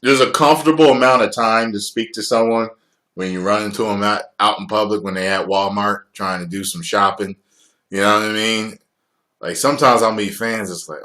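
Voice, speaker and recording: A man in his forties from the United States, chatting casually on a livestream as host, profane and quick to laugh. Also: lowish voice. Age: 40s. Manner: profane, laughs often, swings loud and soft.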